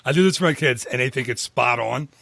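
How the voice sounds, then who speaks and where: A man hosting a casual podcast chat into a studio microphone, animated and laughing often. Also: medium pitch, fast, gravelly, no room sound. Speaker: podcast host.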